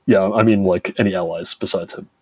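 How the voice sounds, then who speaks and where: A man's voice: low voice, fairly even intonation, fairly quick, slightly rough, no echo. A man playing a tabletop game, thinking aloud about his moves and asking to sort out who is where. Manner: thinks aloud, asks questions to sort out positions. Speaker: player.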